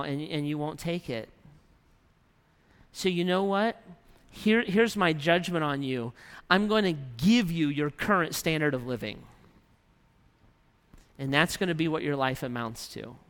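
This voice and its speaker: A man's voice: on the high side, fairly bright tone, smooth. A man preaching a sermon, reading scripture aloud and then retelling it in his own emphatic words. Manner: reads scripture then paraphrases God's voice with emphasis. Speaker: pastor. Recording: reverberant hall.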